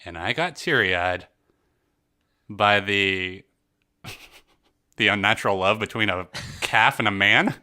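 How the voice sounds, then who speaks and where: A man's voice: on the low side, takes it slowly, pauses often, pushed and bright. A man co-hosting a casual movie podcast, rambling with many fillers and sarcastic asides, laughing often. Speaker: podcast co-host.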